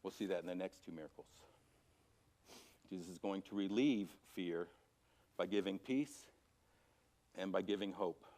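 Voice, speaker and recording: A man teaching a church Sunday school class from scripture, animated, swinging from loud emphasis to quiet, low passages. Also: normal speed, long pauses. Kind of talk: Bible teaching. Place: church auditorium.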